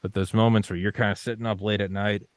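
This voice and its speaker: A young man with a very low voice speaks in a casual interview, swearing freely and dramatizing his own doubts and determination. The sound is dry and close, with no room echo. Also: little pitch movement, fast. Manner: intense, swearing, acts out his own panicked inner voice. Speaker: podcast guest.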